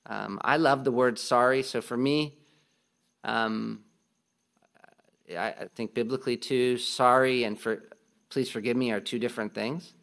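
A man's voice: medium pitch, steady tone, a little slow, vocal fry, long pauses, a bit bright. A man giving a casual Bible teaching talk, often restarting his sentences with ums and light laughs.

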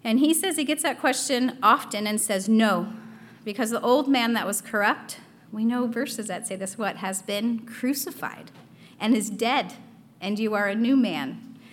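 A woman's voice: fairly high pitch, measured pace. A young adult woman giving a casual devotional talk, earnest, reading quotations aloud with frequent fillers.

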